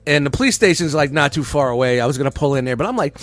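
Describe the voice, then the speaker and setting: A man's voice: a little high, very fast. A middle-aged man hosting a podcast, telling a rage story full of swearing and acting out both sides of an argument. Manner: animated, swears constantly, acts out quarrels with raised voice. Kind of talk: profane casual storytelling.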